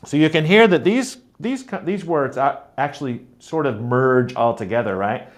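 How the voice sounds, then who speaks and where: A man teaching a pronunciation lesson, speaking deliberately and modeling words and sentences aloud to show stress. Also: medium pitch, animated. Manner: slow, deliberate, demonstrating stress patterns aloud. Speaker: teacher trainer.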